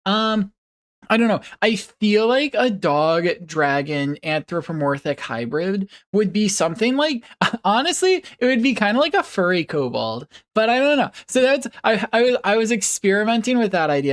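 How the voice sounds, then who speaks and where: A woman streamer chatting casually with her viewers, rambling and giggling, with playful puppy noises. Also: medium pitch.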